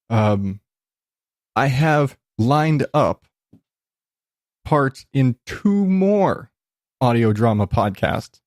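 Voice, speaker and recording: Guy hosting his podcast, talks slow, kinda rambly, dry close sound. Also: mid-range voice, darkish tone, no room sound. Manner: rambling, restarts sentences. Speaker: podcast host. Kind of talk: casual monologue.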